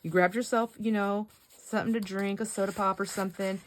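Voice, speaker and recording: A woman's voice: mid-range voice, steady tone, fairly quick, a little hiss or hum. A middle-aged woman chatting casually while she paints, rambling and laughing often. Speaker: craft vlogger.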